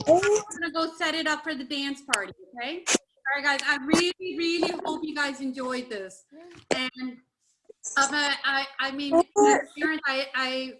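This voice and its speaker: A woman's voice: sits high, normal speed, heavy background noise. A woman hosting a live cooking session for children, chatting with kids and parents and laughing often. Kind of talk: casual live cooking demo.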